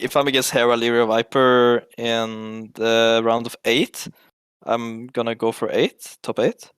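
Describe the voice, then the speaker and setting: A man's voice: medium pitch, fairly bright tone, clean tone, dry recording, studio quality. A man with a Norwegian accent, a pro gamer in a casual post-match interview over an online call, laughing and playfully defensive.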